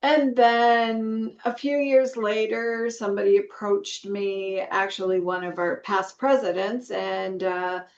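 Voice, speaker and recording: A middle-aged woman from Canada speaks slowly and earnestly as a guest nurse educator, pausing often with fillers. Her voice comes over a video call that sounds dull and lo-fi, in an echoey room. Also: medium pitch, steady tone. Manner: earnest, reflective, with many fillers. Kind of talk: conversational storytelling interview.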